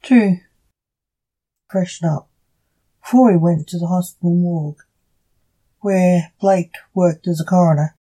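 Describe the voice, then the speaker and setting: A woman reading her own short story aloud on her podcast, in a plain, measured storytelling voice. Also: lowish voice, warm tone, breathy edge, low-quality recording.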